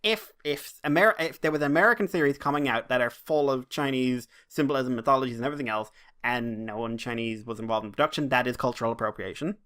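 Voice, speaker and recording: A man's voice: medium pitch, fast, few pauses, fairly bright tone. An Irish man co-hosting a podcast in casual chat, rambling and ranting with free swearing. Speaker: podcast co-host.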